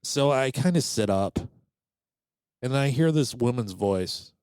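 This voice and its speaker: A man's voice: mid-range voice, a little slow, clean tone, no echo. A man casually telling a story on a podcast, acting out the voices of the people in it. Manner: animated, acts out quoted voices. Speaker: podcast host.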